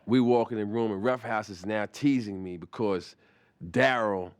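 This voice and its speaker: A man's voice: on the low side, normal speed. Rambling, profane male storyteller. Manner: rambling, profane, repetitive restarts. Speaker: comic storyteller. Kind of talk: animated anecdote telling.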